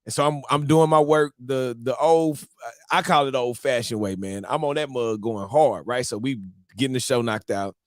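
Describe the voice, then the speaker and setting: A married man hosting a live-streamed morning show, telling a story to his viewers in a casual, animated, slang-filled way. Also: mid-range voice, normal speed, dry recording, studio quality. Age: adult, married.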